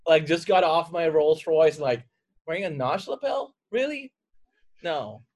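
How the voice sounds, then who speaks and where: A man's voice: on the high side, animated, measured pace, darkish tone. A man co-hosting a podcast in casual chat, rambling through jokey scenarios and swearing freely. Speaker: podcast co-host.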